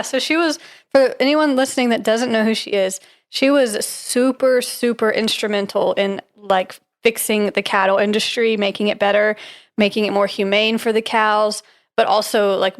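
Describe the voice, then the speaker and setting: A woman co-hosts a podcast at a medium pitch. She tells a story in a casual, giggly way, with plenty of "like" and "um" filling her sentences. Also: normal speed. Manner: chatty and giggly, with frequent "like" and "um". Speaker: podcast co-host.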